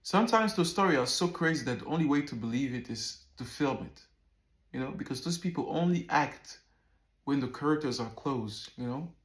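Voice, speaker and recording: Animated man in his thirties, echoey room. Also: medium pitch, brisk. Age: 30s. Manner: animated, repeats words, swears freely. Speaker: vlogger. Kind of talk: casual storytelling to camera.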